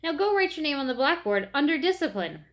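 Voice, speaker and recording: A woman's voice: high-pitched, sing-song, fast, pitched above the performer's own voice. A woman reading aloud, voicing a strict, curt schoolteacher in a storybook. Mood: stern. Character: stern female schoolteacher.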